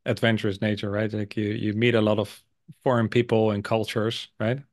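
A man's voice: lowish voice, flat delivery, brisk, darkish tone. A man from the Netherlands, hosting a podcast interview in an enthusiastic, casual way full of fillers. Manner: enthusiastic, filler-heavy, laughs often. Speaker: podcast host.

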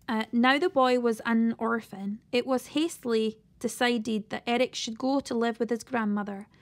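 A woman reading a children's novel aloud, steady, with the odd slip and restart. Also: fairly high pitch. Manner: steady read-aloud with occasional slips and restarts. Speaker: storyteller reading a children's book.

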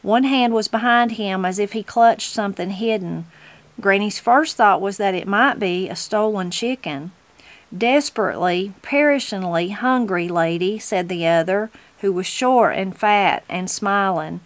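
A woman's voice: mid-range voice, measured pace, no room sound. A woman, reading a novel aloud as host of her channel. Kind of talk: storybook reading.

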